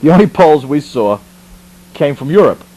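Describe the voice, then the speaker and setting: A man's voice: fairly high pitch, moderate pace, low-quality recording. A man from the Bronx, telling a comic story about his army training in a chatty way, full of asides and restarts. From the Bronx, New York. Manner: animated, conversational, with frequent asides and restarts.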